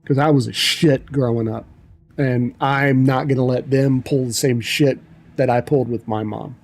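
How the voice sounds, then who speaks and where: A man's voice: medium pitch, measured pace, creaky. A middle-aged man chatting casually on a livestream, telling rambling, profane stories. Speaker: livestream host. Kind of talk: casual chat.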